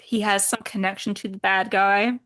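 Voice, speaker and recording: A woman's voice: medium pitch, level tone, normal speed, fairly bright tone. A woman co-hosting a podcast, chatting casually about a film, with frequent fillers and laughs. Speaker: podcast co-host. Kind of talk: casual film review chat.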